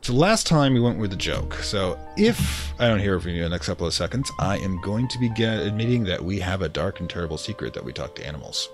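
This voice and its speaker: A man's voice: deep voice, very animated, fast, few pauses, over music. Musing man streaming a story game. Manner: musing, thinking aloud. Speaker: let's play streamer. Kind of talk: live game commentary and reading aloud.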